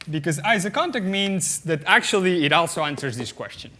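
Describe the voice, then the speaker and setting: Bright-voiced man giving a math lecture. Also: high-pitched, sing-song, brisk, few pauses. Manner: explanatory, often checks the audience with "okay?"; many "uh" and "um" fillers and restarts. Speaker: mathematics lecturer. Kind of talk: conference lecture at a board.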